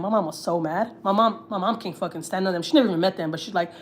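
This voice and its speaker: A woman's voice: fairly low pitch, fast, few pauses, slight background noise. A woman, chatting casually and swearing freely as host of a gossip livestream, often repeating herself. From Houston, Texas.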